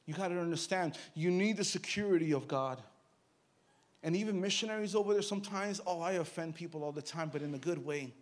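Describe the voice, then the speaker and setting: Middle-aged male preacher, high voice, storytelling sermon, hushed to loud emphatic swings. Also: fairly quick.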